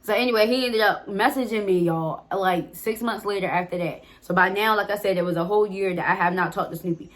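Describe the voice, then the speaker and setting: A woman's voice: medium pitch, a little fast, hardly any pauses. A woman vlogger telling a personal story to her viewers in a casual, candid way, swearing freely and talking straight to them.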